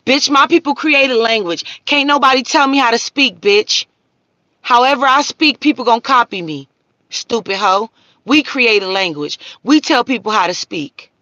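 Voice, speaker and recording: A woman's voice: on the high side, animated, normal speed, pushed and bright, dry recording, highs cut off. A woman, hosting a live stream and ranting profanely at her viewers. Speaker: livestream host.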